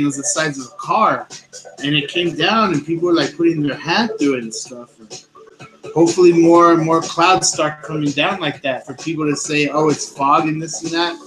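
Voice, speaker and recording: A man hosts his own show, speaking loudly right into a close microphone. His voice sits a little high, and he stops often for ums and uhs. Clear music plays behind him the whole time. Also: rough recording. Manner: loud, speaks close to the mic, hesitant with fillers. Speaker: host of a paranormal news show. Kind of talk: casual solo show talk. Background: background music.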